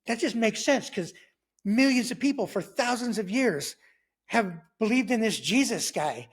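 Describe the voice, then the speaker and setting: A middle-aged man recounts his personal testimony. His voice sits fairly high for a man. He talks in an animated, rambling way, stumbling over restarts and acting out the voices he quotes. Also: unhurried, husky. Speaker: testimony guest.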